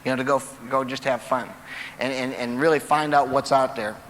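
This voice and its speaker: A man speaking to an audience in a large auditorium with a folksy, storytelling manner and a pitch right in the middle for a man. His voice is caught from a distance, with a long echo from the hall and a faint hum of room noise behind it. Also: fairly even intonation, brisk, a bit bright. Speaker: motivational speaker. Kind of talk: motivational stage talk. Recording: distant, echoey live hall recording.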